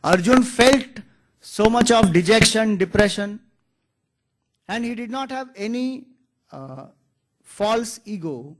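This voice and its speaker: High-voiced man giving a spiritual talk. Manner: earnest, explanatory, quotes scripture. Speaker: spiritual teacher. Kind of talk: spiritual discourse.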